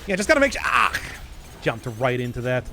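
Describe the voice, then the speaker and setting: A man's voice: mid-range voice, big pitch swings, very fast, fairly bright tone, soft background music. A man giving casual, joking commentary while playing a video game, often teasing himself. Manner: playful, joking, self-deprecating. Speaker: gaming streamer.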